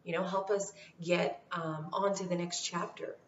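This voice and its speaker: A woman's voice: on the low side, steady tone, normal speed, slight background noise. A woman vlogger talking casually to camera with motivational life advice, emphatic and repeating her key phrases. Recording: roomy, distant, dull sound.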